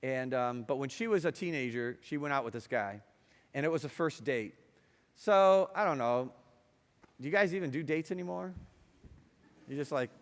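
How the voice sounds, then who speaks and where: A middle-aged man giving a lively talk to students, chatty and playful, asking the audience questions and telling stories. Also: medium pitch, moderate pace, pauses often. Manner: conversational and playful, asks the audience questions, acts out quotes. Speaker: speaker addressing students. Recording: long hall reverb.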